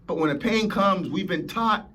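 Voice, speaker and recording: A man's voice: high voice, normal speed, fairly bright tone. A man hosting a motivational podcast, preaching emphatically and acting out whiny complainers. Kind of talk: motivational talk.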